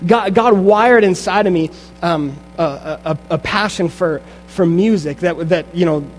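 A young adult man preaching a sermon in church, lively and full of restarts, turning quiet and slow for a guided meditation. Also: high-pitched, soft background music. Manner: energetic with frequent restarts, then hushed guided meditation. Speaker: pastor. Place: church sanctuary.

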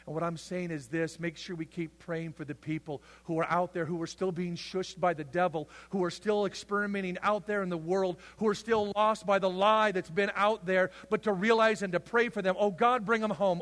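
A male pastor preaching a sermon, swinging between loud, impassioned passages and hushed, intense ones. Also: high-pitched. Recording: long hall reverb.

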